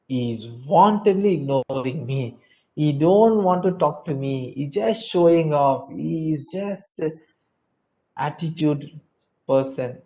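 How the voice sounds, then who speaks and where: A fairly high-voiced man leads an online training session. He talks in an animated way and says key phrases over and over. The sound is dull and lo-fi, like webinar audio. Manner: lively, reads chat answers aloud, repeats key phrases. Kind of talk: interactive online lecture.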